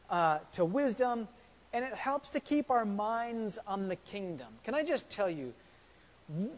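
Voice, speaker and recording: High-voiced pastor preaching in a reverberant hall. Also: male voice. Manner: conversational, repeats words, asks the congregation questions. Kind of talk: sermon.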